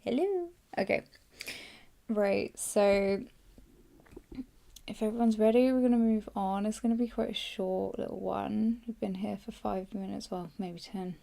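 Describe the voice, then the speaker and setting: A woman, hoarse, hosting a casual live journaling session on a podcast in a rambling, chatty way with lots of fillers. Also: mid-range voice, fairly even intonation, a little slow, mellow. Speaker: podcast host.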